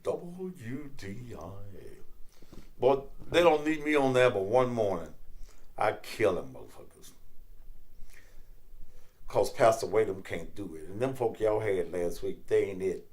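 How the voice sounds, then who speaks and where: A man's voice: lowish voice, expressive, measured pace, pauses often, darkish tone. A man with a Memphis Southern accent hosting his own show, talking brashly and profanely in unscripted commentary. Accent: Memphis Southern American. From North Memphis, USA.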